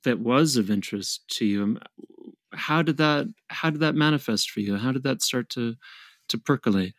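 Man, podcast co-host, teasing deadpan humor, dry close sound. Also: medium pitch, moderate pace, no echo. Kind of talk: casual podcast chat.

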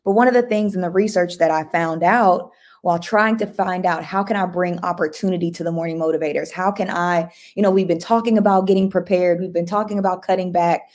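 Upbeat woman, livestream host, slightly low voice, eager and restless delivery. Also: brisk, hardly any pauses. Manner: excitable, upbeat, restarts and repeats herself. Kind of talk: casual motivational livestream talk.

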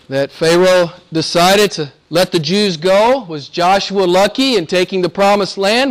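A male pastor preaching a sermon, emphatic, swinging between quiet points and rising declarations. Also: on the high side.

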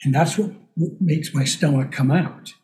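An older man coaching voice in a relaxed podcast chat, his tone warm and mellow and pitched a touch high. He explains things patiently and acts out little examples as he goes. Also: moderate pace. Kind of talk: casual podcast conversation.

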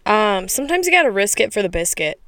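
A woman's voice: medium pitch, very animated, fast, a bit bright, a little hiss or hum. A young woman co-hosting a casual podcast, playful and teasing, laughing often. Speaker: podcast co-host. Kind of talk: casual chat.

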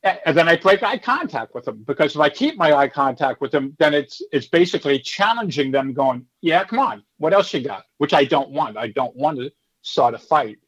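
A man's voice: a little high, fairly quick, dull audio. A man in his fifties, a former stand-up comedian, telling stories casually in an interview and acting out the people in them. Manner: animated, acts out hecklers in character voices.

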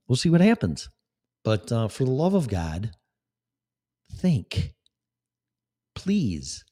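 A man's voice: fairly low pitch, mellow. A man hosting a live talk show, speaking in a blunt, sarcastic, rambling way. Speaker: podcast host. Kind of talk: casual live-show monologue.

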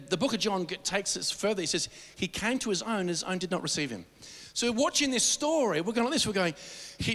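A man's voice: sits high, a bit bright. A man preaching a sermon emphatically, often repeating words as he searches for the next phrase. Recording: long hall reverb.

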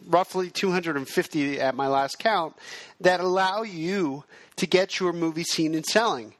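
A male podcast host who explains in an even, self-described monotone delivery. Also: high-pitched, no room sound. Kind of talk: podcast monologue.

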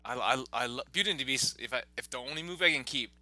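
A man's voice: medium pitch, racing, sharp tone, no echo. A man joining a casual podcast chat, joking and speaking bluntly.

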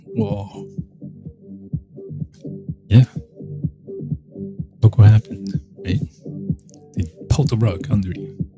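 A man's voice: mid-range voice, lively intonation, takes it slowly, long pauses. A man talking in a rambling casual monologue, full of restarts and mocking quoted voices. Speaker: show host. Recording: music playing behind the voice.

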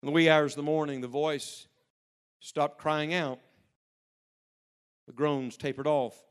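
A male pastor preaching a sermon to young people, telling stories and swinging between hushed passages and loud, urgent emphasis. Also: a little high, flat delivery, measured pace, clear, resonant tone.

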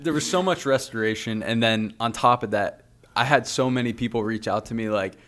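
A man's voice: mid-range voice, fairly quick, a bit bright. A man co-hosting a podcast, speaking reflectively with many filler words. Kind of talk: casual chat.

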